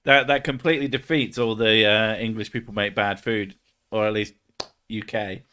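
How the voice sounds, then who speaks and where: Brief: young male streamer, lowish voice, loose and jokey, swears freely, laughs a lot. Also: steady tone, normal speed, sharp tone, a little hiss or hum. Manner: swears often, laughs between jokes. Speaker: streamer host. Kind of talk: casual stream chat.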